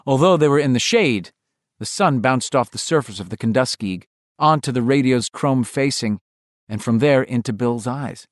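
A man with a mid-range voice narrates a novel for an audiobook, reading at a measured pace with plenty of expression. The recording is dry and studio-clean.

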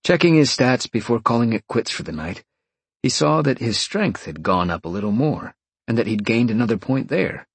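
A man's voice: fairly low pitch, husky, no echo. A man reading a fantasy novel aloud as an audiobook narrator, telling the story expressively. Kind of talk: scripted narration.

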